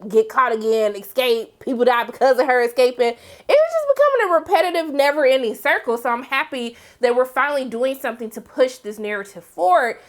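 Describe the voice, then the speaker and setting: Chatty woman with a high voice. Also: fast talker. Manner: chatty, heavy use of "like" and "um"; animated, breaks into excited high exclamations. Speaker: TV series review host. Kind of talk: casual video recap.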